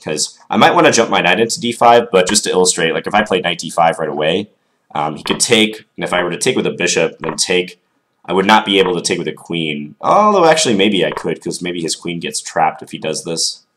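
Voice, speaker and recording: A man's voice: low-pitched, fairly bright tone. A man with a stuffed-up voice from a cold, casually thinking aloud through a chess game and hedging with filler words. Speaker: chess commentator.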